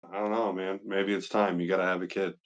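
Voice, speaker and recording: A man's voice: sits low, little pitch movement, fairly quick. A young man and father talking casually as a podcast guest, brash and boastful, swearing freely. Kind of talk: casual chat.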